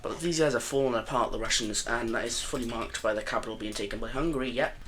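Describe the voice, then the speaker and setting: Bright-voiced rambling young man. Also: mid-range voice, fast talker, slight background noise. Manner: rambling, chatty, jokey, often corrects himself mid-sentence. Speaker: map video narrator. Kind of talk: casual commentary over an alternate-history map game.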